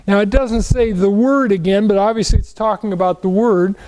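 A man's voice: sits high, fairly even intonation, fairly quick, a little mellow, low-quality recording. A man teaching the Bible verse by verse, asking questions and answering them, leaning on key words.

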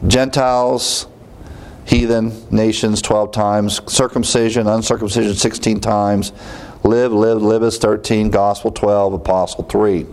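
A man's voice: medium pitch, a little mellow. A man preaching a conversational Bible teaching to his congregation, listing word counts and lifting his voice on key words, with small jokes to the room. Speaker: pastor teaching a Bible study. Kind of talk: teaching sermon.

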